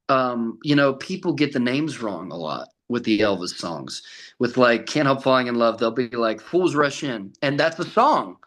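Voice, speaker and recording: A man's voice: medium pitch, a bit bright, rough recording. A young man, a tribute artist impersonating a famous singer, chatting casually as a podcast guest, telling stories with frequent laughs and acting out what others said. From Colorado. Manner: chatty storyteller, laughs often, acts out other voices.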